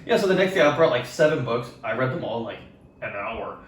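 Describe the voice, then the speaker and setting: Young male podcast co-host, profane storyteller, lively pitch, roomy distant sound. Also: fast, a little hiss or hum. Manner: rambling, profane, animated retelling. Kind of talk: casual storytelling chat. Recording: echoey room from far off.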